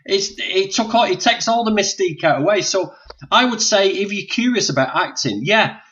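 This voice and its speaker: A man's voice: high-pitched, lively intonation, normal speed, a bit bright. Chatty male host on dull stream audio. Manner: encouraging, chatty, rambling. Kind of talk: casual live chat. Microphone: video call.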